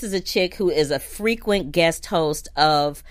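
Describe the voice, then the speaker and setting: A woman's voice: fairly low pitch, sing-song, unhurried, few pauses, no echo, studio quality. A woman hosting a film review show, talking chatty and casual with slang like "y'all" and "girl". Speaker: film critic host.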